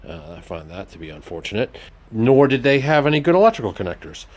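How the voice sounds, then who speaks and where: A man's voice: fairly low pitch, sing-song, quick pace. A man hosting a workshop vlog, joking and exclaiming as he works, slipping into a put-on Irish lilt. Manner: joking, playful, exclaims while working. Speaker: workshop DIY host. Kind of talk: casual workshop vlog commentary. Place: home workshop.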